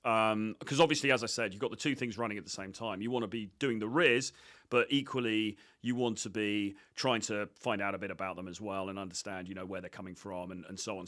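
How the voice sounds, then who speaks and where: A man's voice: fairly low pitch, fairly bright tone, no echo, studio quality. A man coaching on dating, commenting on his own footage in a blunt, cocky, profane way with many fillers.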